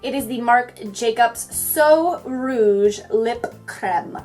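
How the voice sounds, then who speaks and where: A young woman chatting her way through a makeup tutorial, talking fast in a bubbly, goofy way. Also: fairly high pitch, a little mellow, faint music behind. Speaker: beauty vlogger.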